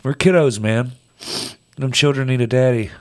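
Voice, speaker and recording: A man hosting a casual conversation, answering with relaxed, supportive interjections and often saying dude and bro. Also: medium pitch, moderate pace.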